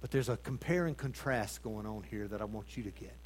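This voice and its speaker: Male preacher, sermon, rhetorical questions, loud bursts, quiet asides. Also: on the low side, brisk, a little hiss or hum. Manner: dramatic swings between loud emphasis and hushed tones; addresses congregation with rhetorical questions.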